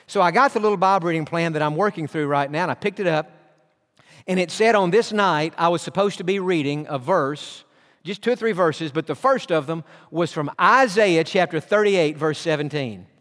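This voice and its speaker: A man preaching a sermon as pastor, telling personal stories in an earnest way and slowing down to stress scripture. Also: a little high, fairly bright tone, big-room sound.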